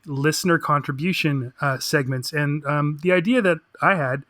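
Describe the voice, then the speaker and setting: A man co-hosting a podcast, talking casually and hesitantly with many pauses. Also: on the high side, fairly bright tone, no room sound, clean studio sound. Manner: hesitant, full of ums and restarts. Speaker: podcast co-host. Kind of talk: casual chat.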